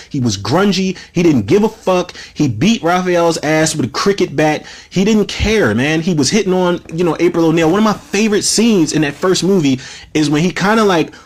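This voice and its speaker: A man in his thirties hosting a podcast, casually reviewing films in a profane, animated rant full of fillers. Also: on the high side. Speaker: podcast host, film reviewer. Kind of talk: casual spoken film review.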